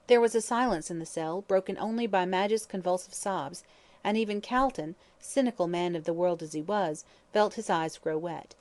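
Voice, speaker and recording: A woman narrating a classic mystery novel in measured, expressive storytelling. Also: fairly low pitch. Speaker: audiobook narrator. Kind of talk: scripted narration.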